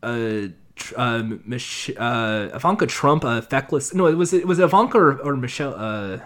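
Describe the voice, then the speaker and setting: Lively, opinionated young man. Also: medium pitch, normal speed. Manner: opinionated, rambling, joking. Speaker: podcast co-host. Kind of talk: casual chat.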